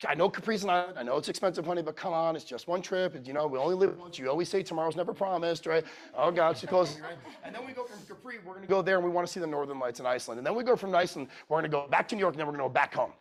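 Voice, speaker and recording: Animated male storyteller at a conference. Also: a little high, racing, hardly any pauses. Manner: animated storyteller acting out dialogue. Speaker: keynote speaker. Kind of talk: storytelling sales talk. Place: conference room.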